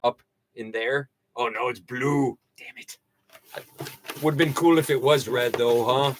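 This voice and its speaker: A man hosting a casual art livestream, rambling and goofy, poking fun at himself and jumping into high excited yelps and laughter. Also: a little slow, slight background noise. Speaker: livestream host.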